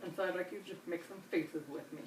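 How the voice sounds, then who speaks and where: A woman examiner demonstrating a neurological check, giving calm step-by-step instructions and reassurance. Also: fairly low pitch, fast talker. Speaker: nurse examiner. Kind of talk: clinical demonstration. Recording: roomy, distant mic, faint hiss.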